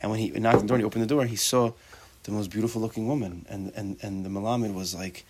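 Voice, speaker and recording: Low-voiced man teaching a casual Torah class. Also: fairly even intonation, fast talker, heavy background noise. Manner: casual and conversational, with rhetorical questions and joking asides; mixes Hebrew terms into English speech. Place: class with students present.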